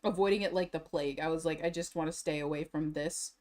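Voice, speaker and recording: A woman's voice: low voice, fairly even intonation, quick pace, darkish tone. Drained, rambling woman streamer. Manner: rambling, emotional, laughing through sadness. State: tired, drained. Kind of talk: casual livestream chat.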